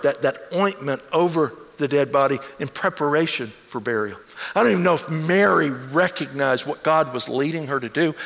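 A pastor delivers a sermon in a high, bright-edged voice. He preaches with animated energy that climbs toward near shouts. His voice rings out with the long reverb of a large sanctuary. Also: vocal fry.

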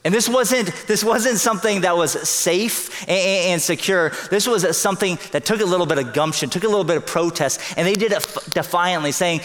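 A man's voice: high-pitched, a bit bright. Emphatic preaching man, long hall reverb. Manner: earnest, emphatic preaching with quick bursts and slow stressed lines. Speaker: pastor. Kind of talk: sermon.

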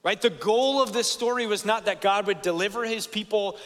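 A man's voice: high-pitched, moderate pace, a bit bright, long reverb tail. A young man preaching a sermon to students, earnest and conversational, often checking in with "right?".

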